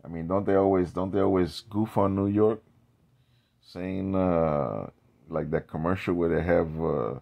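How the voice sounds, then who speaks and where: A man's voice: low voice, expressive, measured pace, creaky, a little mellow. A man vlogging in a rambling casual monologue, drifting into tangents and restarting his sentences.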